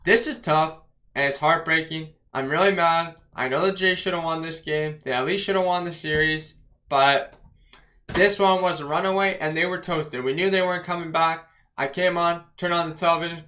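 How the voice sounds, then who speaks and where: A man's voice: on the high side, bright, forceful tone. A man hosting his own fan channel, ranting bluntly about a loss and rattling off stats and player names. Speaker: fan vlog host. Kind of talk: post-game fan rant.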